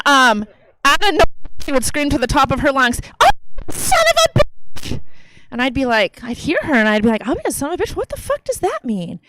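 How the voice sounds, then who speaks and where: A woman in her thirties performs a brash, profane stand-up set on a theater stage, talking conversationally into a handheld mic. Her voice sits high with a fairly bright tone; there's no echo, but the recording is rough.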